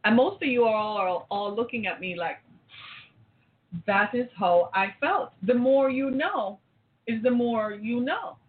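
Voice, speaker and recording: A woman's voice: on the high side, animated, a little slow. A woman telling a personal story to an audience, emphatic and urgent, repeating her key points. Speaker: speaker addressing an audience. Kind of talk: impassioned personal storytelling talk. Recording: tinny phone-like audio with faint noise.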